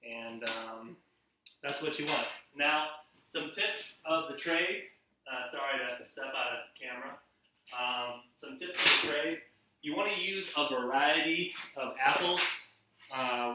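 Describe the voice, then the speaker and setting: Young male home-cook host, chatty and unpolished, bright forceful voice, roomy echo, slightly distant mic. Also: medium pitch, a little hiss or hum. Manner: rambling, filler-heavy, restarts often. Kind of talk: casual cooking vlog with sports talk. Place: home kitchen. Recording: echoey room, a bit off-mic.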